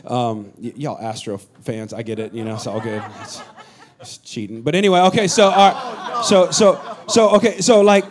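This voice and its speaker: A middle-aged man from the Bay Area preaching a sermon as pastor, animated and joking with his congregation. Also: mid-range voice, normal speed, a crowd in the background. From San Francisco Bay Area. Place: church hall with a congregation.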